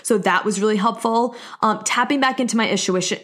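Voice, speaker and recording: A woman's voice: mid-range voice, fairly quick, hardly any pauses, fairly bright tone. A young woman hosting a solo podcast, talking casually and openly, peppering her sentences with "like" as she gives earnest, encouraging advice. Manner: chatty, open, leans heavily on "like". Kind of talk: casual personal monologue.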